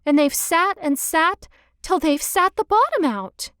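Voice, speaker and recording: A woman voicing a small young male baby bear in a storybook reading, squeaky and shrill, drawing words out plaintively. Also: expressive, fairly bright tone, no echo, clean studio sound, exaggerated voice. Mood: sad. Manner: drawn-out and plaintive.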